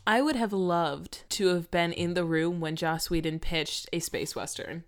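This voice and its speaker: A woman hosting a casual conversation, reacting with soft enthusiasm to her guest's stories. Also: on the low side, unhurried.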